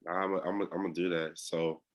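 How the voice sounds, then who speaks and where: A man's voice: low voice, level tone, quick pace. A man on a video call with his coaches, talking casually in a slangy, laid-back way with lots of fillers and restarts. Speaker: coaching client.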